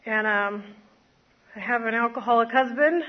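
A woman whose voice is a little high talks at normal speed, and the recording has its highs cut off. Standing in front of a group, she relates her recovery story as personal testimony, rambling with many fillers and self-mocking laughs.

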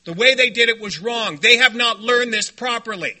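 High, bright-voiced man telling his story. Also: normal speed. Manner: animated, self-deprecating, laughing. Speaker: speaker at a recovery meeting. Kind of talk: personal storytelling talk.

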